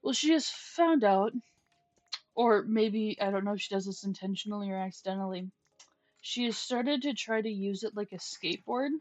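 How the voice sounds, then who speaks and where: A woman's voice: mid-range voice, moderate pace. A young adult woman streaming a game in casual chat, rambling through stories and cooing at her pet. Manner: chatty, rambling storytelling with restarts; coos softly at her pet. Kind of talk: casual chat while gaming. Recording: dull lo-fi stream mic. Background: faint music.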